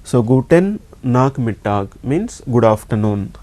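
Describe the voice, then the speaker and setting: A man from India with an Indian English accent, teaching a slow classroom lesson and patiently repeating each sound. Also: medium pitch, very animated, mellow. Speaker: language teacher.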